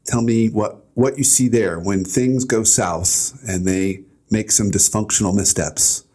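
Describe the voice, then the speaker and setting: A man's voice: lowish voice, fairly even intonation, measured pace, darkish tone. A man hosting an interview show, asking questions in a playful, teasing way with frequent stammered restarts. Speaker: podcast host. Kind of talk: casual conversational interview.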